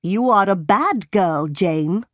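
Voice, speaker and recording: A woman's voice: fairly low pitch, big pitch swings, takes it slowly, no echo, studio quality, full character voice. A woman voicing a cold, harsh middle-aged aunt with a scolding manner in an audiobook.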